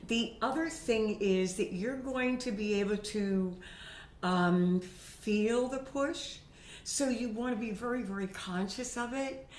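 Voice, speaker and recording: A middle-aged woman voice teacher recovering from a sinus infection, chatting and demonstrating pitch with her own voice in a home video lesson. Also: takes it slowly, a little mellow. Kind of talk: instructional video talk. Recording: roomy home recording.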